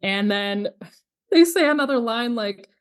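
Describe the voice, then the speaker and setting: A woman's voice: fairly high pitch, lively intonation, measured pace, clear, resonant tone. A woman co-hosting a casual film review podcast, recapping the plot and adding history asides. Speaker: podcast co-host.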